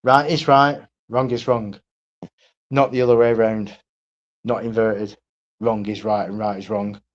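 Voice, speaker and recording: A man with a lowish, flat voice rants a little slowly on his own livestream, and the sound is lo-fi. He's blunt and profane, repeats himself, and keeps asking "right?"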